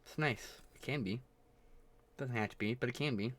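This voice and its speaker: A man's voice: mid-range voice, moderate pace. A man chatting casually on a live stream, rambling and self-mocking, swearing freely.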